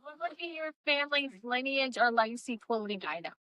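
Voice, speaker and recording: A woman's voice: high-pitched, lively intonation, fairly quick, sharp tone, no echo. Giggly woman co-hosting a chatty podcast. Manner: giggly, rambling. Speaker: podcast co-host. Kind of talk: casual chat.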